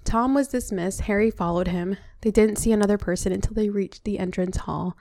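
A woman's voice: mid-range voice, brisk, warm tone, no room sound. A woman reading a novel aloud, breaking off now and then for chatty comments. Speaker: reader.

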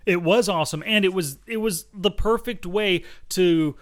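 A man co-hosting a casual podcast, telling stories in an easygoing, steady way with fillers. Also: sits high, normal speed. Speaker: podcast co-host. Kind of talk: casual chat.

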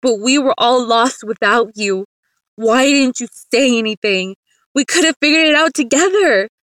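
A woman's voice: medium pitch, steady tone, takes it slowly, no echo, natural voice. A woman voicing a guilt-ridden man in a storybook tale, crying out and pleading with a raised voice. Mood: distraught.

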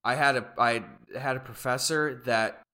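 A man's voice: mid-range voice, normal speed. A young man co-hosting a casual podcast, ranting animatedly and swearing. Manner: animated, swearing, rants loudly. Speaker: podcast co-host. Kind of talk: casual chat.

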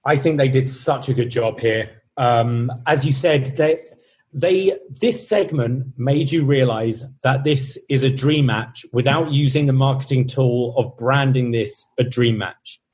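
A man co-hosting a podcast, talking casually and a bit haltingly about wrestling. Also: mid-range voice, darkish tone, husky. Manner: thoughtful, hesitant, with fillers and restarts. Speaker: podcast co-host.

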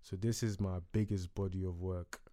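A man from Ghana, a guest artist chatting casually in an interview, telling stories in an animated, slangy way and dropping low when reflective. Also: moderate pace, no echo.

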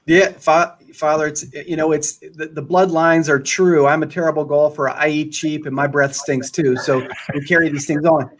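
A man hosting a podcast, interviewing a priest in a casual, halting way. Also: fairly high pitch, level tone. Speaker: podcast host.

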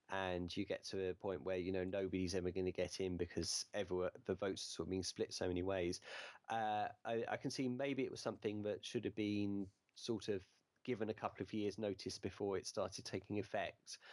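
A man's voice: lowish voice, a little mellow, no room sound. A man being interviewed on a podcast, answering at length in a hesitant way full of fillers and hedging words. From United Kingdom. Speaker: podcast guest, wrestling writer.

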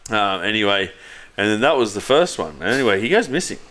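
Man, podcast co-host, rambling yarn, swears a lot, swinging lively pitch. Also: fairly quick, a little hiss or hum. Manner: rambling, sweary, laughs often. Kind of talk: casual storytelling chat.

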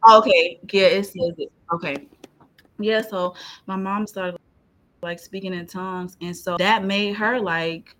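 A woman with a voice of middling pitch gives a heartfelt faith testimony over a video call. Her talk is colloquial and animated, and she laughs through tears as she speaks. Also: a little slow, slight background noise. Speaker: podcast guest sharing a testimony.

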